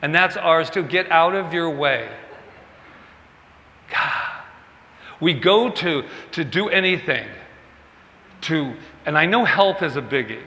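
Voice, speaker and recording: A man's voice: a little high, animated, slow, long pauses, sharp tone. A male minister giving a conversational, self-mocking sermon, acting out quoted dialogue as he goes. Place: church sanctuary. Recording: long hall reverb.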